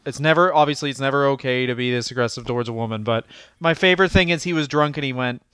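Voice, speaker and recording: A man co-hosting a comedy podcast, talking in an animated, profane way and laughing often. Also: medium pitch, fast talker, smooth, dry recording, clean studio sound. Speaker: podcast co-host. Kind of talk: casual comedic chat.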